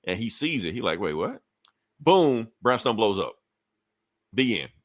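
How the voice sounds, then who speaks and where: Man, casual comic recap, low voice, dry recording, profane, loose asides. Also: very animated, normal speed, no room sound. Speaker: podcast co-host reviewing comics.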